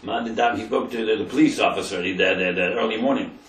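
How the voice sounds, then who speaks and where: A man teaching a Torah class as a rabbi. He tells the story, acts out the quotes, and swings between quiet asides and loud emphasis. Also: fairly low pitch, fast, echoey room, recorded from a distance, rough recording.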